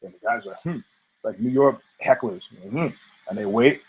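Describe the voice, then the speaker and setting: A man hosting a podcast, telling a story in a casual, profane, animated way and acting out the people in it. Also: medium pitch, moderate pace, husky, highs cut off. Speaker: podcast host.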